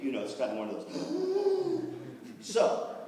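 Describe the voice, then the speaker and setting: Guy teaching a band workshop, high voice jumping all over, echoey hall, far from the mic. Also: heavy background noise. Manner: animated storyteller, jokes and quick voices for quoted people. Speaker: workshop presenter on band administration. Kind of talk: lively workshop talk to music teachers.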